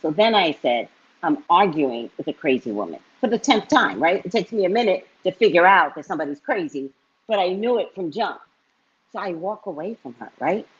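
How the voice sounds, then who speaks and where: A woman psychic reader telling a story to her live-stream viewers in a casual, animated way, often tagging lines with "right?". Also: on the low side, a little fast, breathy edge. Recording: dull lo-fi stream audio.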